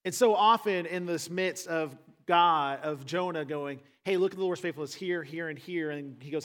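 A man preaching a conversational sermon, acting out the people in the story and building to loud, emphatic peaks. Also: fairly high pitch, normal speed, hardly any pauses. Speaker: pastor. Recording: long hall reverb.

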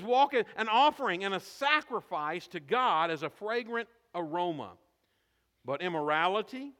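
A man's voice: high-pitched, sharp tone, big-room sound. A man preaching a sermon as pastor, asking the congregation questions and calling for responses.

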